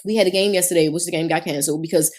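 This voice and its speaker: Her lowish voice comes out rapid-fire as she spins lively stories in a relaxed conversation. She co-hosts a podcast, coaches cheer, acts out what people said, and swears freely.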